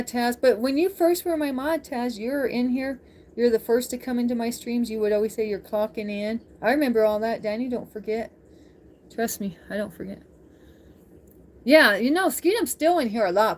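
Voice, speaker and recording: Brief: woman streamer, mid pitch, chatty and easygoing, slight background hiss. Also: darkish tone. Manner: chatty, laughs often, reads chat aloud. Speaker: livestreamer chatting with viewers. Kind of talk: casual live-stream chat.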